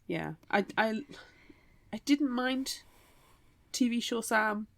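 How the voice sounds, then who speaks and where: A woman's voice: a little high, animated, slow, gravelly, a bit bright, no echo. Woman co-host, dry close podcast sound. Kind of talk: casual book-club chat.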